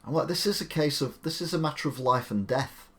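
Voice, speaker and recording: A man's voice: a little high, brisk, fairly bright tone. A man hosting a live stream, giving chatty, opinionated commentary with rambling asides.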